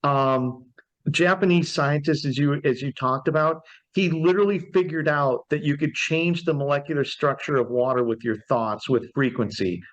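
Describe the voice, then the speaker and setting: A male host talks enthusiastically in a casual interview, explaining things and circling back over his points. His voice sits a little high, and the recording sounds dull and lo-fi. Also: normal speed. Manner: enthusiastic, explanatory, repeats himself. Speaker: podcast host. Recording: dull lo-fi audio.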